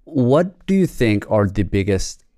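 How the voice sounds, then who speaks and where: Deep-voiced guy hosting a podcast, asks curious questions, dry mic. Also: very animated, a little slow, warm tone, no echo. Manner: attentive, short affirmations, curious questions. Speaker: podcast host. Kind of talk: interview conversation.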